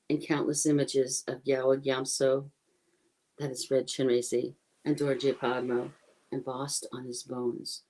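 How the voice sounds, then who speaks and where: A woman with a low, soft, mellow voice talks through a teacher's life in an informal online dharma talk. She is earnest and a little apologetic and corrects herself as she goes. It sounds like a computer mic. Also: rough recording. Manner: chants prayer slowly in Tibetan.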